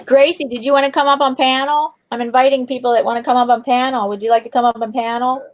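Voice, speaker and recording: A woman's voice: high voice, steady tone, fast talker. A woman co-hosting a casual livestream chat, talking in a friendly, repetitive way and welcoming viewers. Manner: chatty, repeats herself, welcoming viewers. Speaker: livestream co-host.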